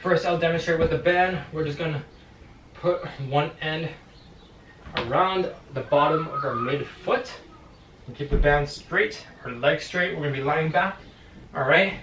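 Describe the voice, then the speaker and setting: A male boxing coach guides a stretching session, counting each hold aloud and dropping quick encouraging cues. He sounds slightly winded, and his voice sits a little high. It reaches the mic from across an echoey room with a faint background hiss. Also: fairly bright tone, recorded from a distance. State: a little out of breath. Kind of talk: home workout instruction.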